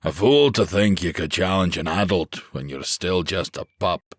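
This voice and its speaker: A man voicing a gruff male outlaw who growls his words with scorn, in an audiobook. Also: low voice, normal speed, dry recording, clean studio sound. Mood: scornful.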